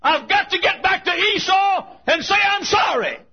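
A preacher acting out a desperate biblical man who begs God to keep working on him, in a husky, strained, high shout. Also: big pitch swings, quick pace, highs cut off, full character voice.

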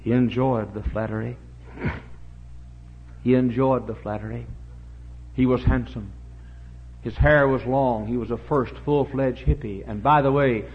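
A middle-aged pastor preaching a revival sermon, dropping to low murmurs and then rising to shouted, high-pitched cries. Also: male voice, steady tone, moderate pace, long pauses. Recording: dull lo-fi sermon recording.

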